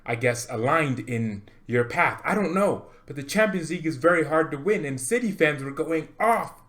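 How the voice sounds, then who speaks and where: Man, football fan vlogger, excitable rant, jokey, laughs a lot, repeats himself for emphasis. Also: fairly high pitch, moderate pace. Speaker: football fan channel host. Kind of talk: animated fan rant to camera.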